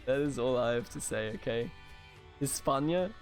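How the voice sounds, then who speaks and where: A man's voice: mid-range voice, moderate pace, soft background music. A man from Germany hosting a let's play, muttering to himself in exasperation, swearing and mocking his own mistakes. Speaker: gaming video host.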